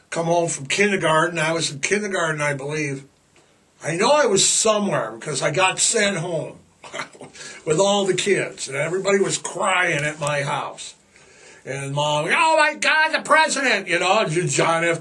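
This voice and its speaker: An older man in his sixties hosts a podcast with a high, bright voice, ambling along slowly and leaning hard on sarcasm. He sits a little back from the mic, so the sound is slightly distant. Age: 60s. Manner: sarcastic, jokey, drawn-out emphasis. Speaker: podcast host. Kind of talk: rambling casual monologue.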